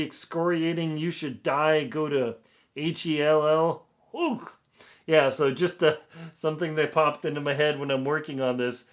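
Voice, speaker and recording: A man streaming live as he works, chatting casually, laughing, and thinking aloud. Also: a little high. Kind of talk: casual live-stream chat while working.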